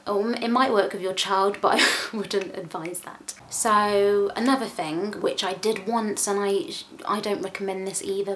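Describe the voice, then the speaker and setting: A woman's voice: mid-range voice, fairly bright tone. Woman, mum vlogger, chatty, candid, self-mocking, casual to-camera talk. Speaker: vlogger, mother. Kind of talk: casual parenting vlog.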